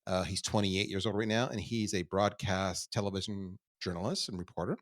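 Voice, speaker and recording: Candid middle-aged man telling stories. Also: a little fast. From Canada. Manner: animated, self-deprecating, swings from low and quiet to loud. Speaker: podcast guest. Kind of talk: candid conversational storytelling.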